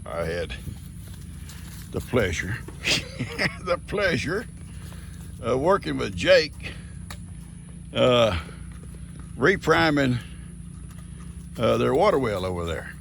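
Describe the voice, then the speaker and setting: Folksy gravelly older man. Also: mid-range voice, lively intonation, slow pace, pauses often, fairly bright tone, slight background noise. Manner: folksy, talks sweetly to his animals. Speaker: farm vlogger. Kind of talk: casual farm vlog. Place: outdoors on a farm.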